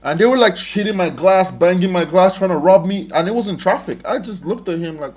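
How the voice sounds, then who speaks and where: A young man with a slightly high voice talks through a reaction video. He is animated and emphatic, and he breaks into laughter often. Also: brisk, few pauses. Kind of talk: casual reaction commentary.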